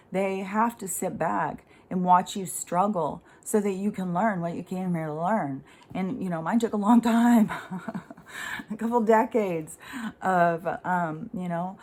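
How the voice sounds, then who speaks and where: A woman's voice: fairly low pitch, a little mellow. A middle-aged woman speaking in a rambling, conversational way, giving a casual spiritual monologue full of fillers and the odd swear word.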